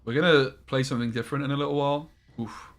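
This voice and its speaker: A man's voice: mid-range voice, fairly even intonation, very fast. A man with an Essex accent, chatting casually and swearing now and then while he streams a card game and answers his chat. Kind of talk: live gameplay commentary.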